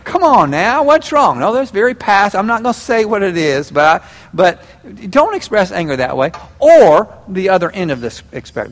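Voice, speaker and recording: A man preaching a sermon, folksy and animated, acting out little scenes. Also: on the high side. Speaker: pastor. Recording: long hall reverb.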